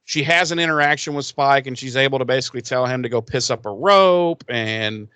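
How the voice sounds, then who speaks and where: A man's voice: mid-range voice, fairly quick, bright, forceful tone, clean tone, no echo. A man co-hosting a podcast, retelling a TV episode in loose, profane casual chat full of fillers. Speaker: podcast co-host.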